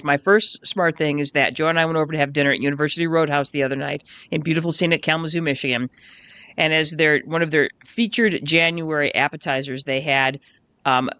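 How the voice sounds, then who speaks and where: A woman co-hosting a podcast in casual chat, animated and quick to swear when riled up. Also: sits low, smooth, dry recording. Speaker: podcast co-host.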